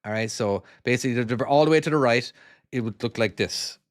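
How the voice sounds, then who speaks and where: A man's voice: medium pitch, quick pace, dry recording, studio quality. A man with a Cork Irish accent, an Irish former truck driver, streaming a trucking game and chatting casually with viewers in a rambling way, restarting sentences and checking in with "all right?". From Ireland. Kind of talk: casual live-stream commentary reading chat.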